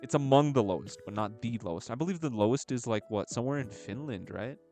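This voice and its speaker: A man's voice: mid-range voice, animated, fast talker, warm tone. Chatty joking male game streamer. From United States. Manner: chatty, joking, fumbles while reading aloud. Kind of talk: casual chat while gaming. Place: at home, gaming live. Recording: music playing faintly behind.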